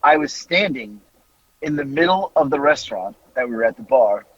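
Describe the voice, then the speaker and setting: A man, a podcast host telling a story in a casual, animated way, laughing and swearing freely. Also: medium pitch, normal speed, slightly rough, dry recording, lo-fi sound.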